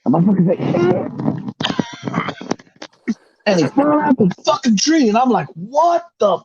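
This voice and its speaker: A man telling a hunting story in casual podcast chat, profane and animated, acting out the other people's voices. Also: high-pitched, fast, highs cut off, background noise. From grew up in the projects. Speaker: podcast host.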